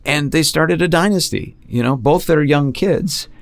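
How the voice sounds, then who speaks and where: A man's voice: a little high, unhurried. A man, an actor and impressionist, telling stories in a casual interview and breaking into quoted voices. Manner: animated, jumps into quoted voices.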